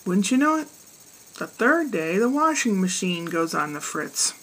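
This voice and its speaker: A woman's voice: medium pitch, very animated, measured pace, a bit bright, poor audio. A woman hosting a weekly joke segment, telling a joke in a chatty, casual way. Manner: chatty storyteller.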